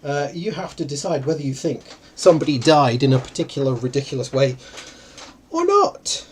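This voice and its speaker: A man's voice: fast, a little hiss or hum. Chatty man hosting a game. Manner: chatty, jokey, lively pitch swings. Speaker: co-host running a game. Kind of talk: playful livestream chat.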